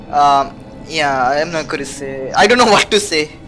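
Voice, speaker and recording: A woman's voice: deep voice, a bit bright. A woman streaming a game live, chatting playfully, humming and reading the game's text aloud. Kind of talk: live let's-play commentary.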